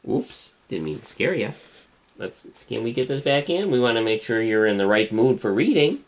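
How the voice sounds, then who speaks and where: A father reading a children's story aloud to his baby at home, gentle and playful. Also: mid-range voice, sing-song, normal speed, slight background noise.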